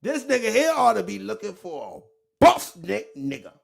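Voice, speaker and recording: A man giving a loud, profane, mocking commentary rant, swinging between shouts and low mutters. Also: sing-song, moderate pace, creaky. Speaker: online commentator. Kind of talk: ranting commentary.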